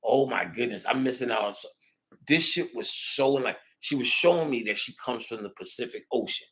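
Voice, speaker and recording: A man hosting a casual chat, telling a story in an excitable, profane way, swinging between loud bursts and hushed asides. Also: medium pitch, moderate pace. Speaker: podcast host.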